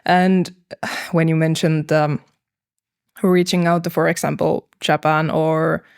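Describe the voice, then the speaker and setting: Young woman, podcast guest; unhurried, thoughtful delivery with vocal fry. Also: low-pitched, level tone. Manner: thoughtful, hesitant, with frequent fillers and laughs. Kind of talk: casual podcast conversation.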